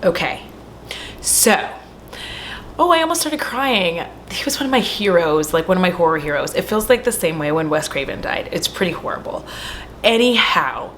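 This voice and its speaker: A young woman host at home retelling a horror movie casually, chatty and animated, swearing often and full of "like" fillers. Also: on the low side, normal speed, slight background noise.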